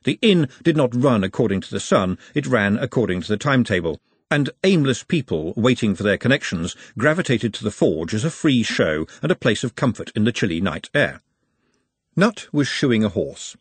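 A man narrating a novel as an audiobook in a wry, expressive way. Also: mid-range voice, normal speed, slightly rough, no room sound. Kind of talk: scripted narration.

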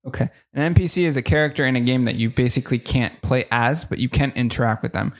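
A man's voice: medium pitch, quick pace. A man co-hosting a podcast, chatting casually and explaining things plainly with playful disgust. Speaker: podcast co-host. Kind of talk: casual chat.

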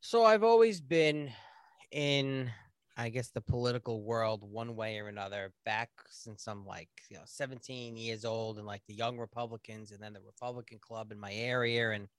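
A man's voice: lowish voice, moderate pace, smooth, dry recording. A man with a New York accent, a podcast guest telling blunt, profanity-laced stories in casual chat.

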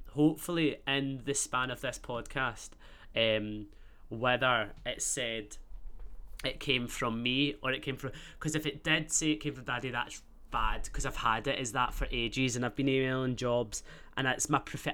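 A Glaswegian man chats away on his podcast in a bright, forward voice. He rambles, swears freely and pokes fun at himself. His pitch sits in an ordinary middle range for a man. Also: fairly even intonation, moderate pace. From Scotland. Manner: rambling, sweary, self-mocking banter. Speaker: podcast host. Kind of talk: casual solo podcast chat.

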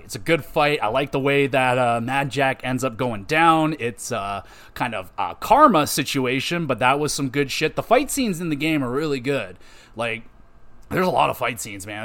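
A man hosting a gaming podcast, chatting casually and swearing a lot as he rambles through memories of playing a game. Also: medium pitch. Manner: profane, rambling, animated retelling. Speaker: podcast host. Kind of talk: casual game review chat.

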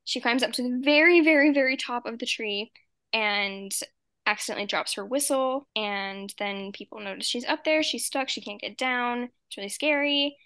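Young woman, casual podcast chat, a bit high-pitched, dry close mic. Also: moderate pace, dry recording. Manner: animated storyteller, acts out quoted lines in high voices.

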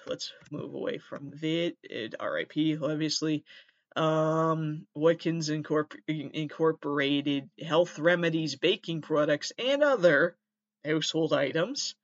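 A man's voice: on the high side, a bit bright, no echo. Male podcast host, rambling comic monologue, self-mocking, slightly muffled dry recording. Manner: rambling, self-deprecating, stumbles over names. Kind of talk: casual comedic monologue. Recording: dull lo-fi dry sound.

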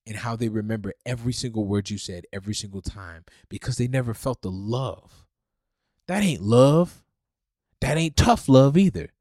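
Male podcast preacher, fervent, loud peaks to soft pleas, dry close sound. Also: lowish voice, no echo. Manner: fervent, swings from loud preaching to hushed pleading. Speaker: podcast host.

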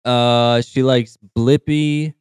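Man, podcast co-host, smooth low voice, relaxed and profane, dry close mic. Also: no room sound. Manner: laid-back, swearing, quick to laugh. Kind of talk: casual podcast chat.

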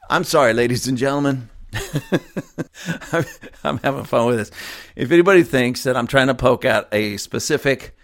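A man's voice: mid-range voice, moderate pace, gravelly, pauses often. A male pastor delivering a fiery, emphatic sermon, mocking and chuckling as he goes.

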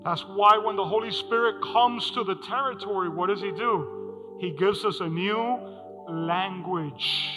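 A man's voice: sits high, a little slow. A man preaching a sermon as pastor to a congregation, asking them questions and repeating his key lines. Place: church hall. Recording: music under a hall reverb.

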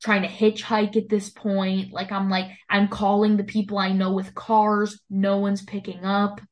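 A woman's voice: mid-range voice, a little slow. A young woman telling a long story in casual chat, filling it with "like" and acting out what people said. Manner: animated storytelling, heavy use of "like", acts out quoted lines.

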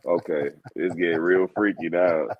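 A young man co-hosting a casual chat, laughing loudly and often squealing high when he cracks up. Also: fairly even intonation, normal speed, no room sound, muffled recording. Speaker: podcast co-host.

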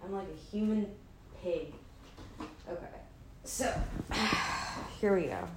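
A woman's voice: medium pitch, lively intonation, takes it slowly, very noisy. A woman vlogging in casual, rambling chat, sleepy and not fully awake, self-deprecating and often trailing off mid-sentence. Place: indoors at home, an apartment. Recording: echoey room with faint ambience.

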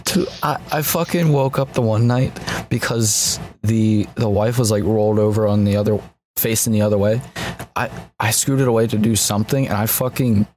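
A man's voice: on the low side, steady tone, normal speed, a little mellow. Man, rambling storyteller, swears a lot, casual chat, faint background hiss. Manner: rambling, profane, laughs easily. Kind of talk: casual podcast banter.

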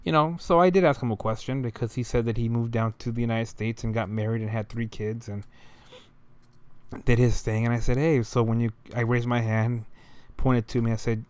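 A man's voice: mid-range voice, fairly even intonation, moderate pace, darkish tone, clear, resonant tone, no echo. A young man telling a story in a loose, rambling way, full of slang and fillers. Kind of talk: casual storytelling monologue.

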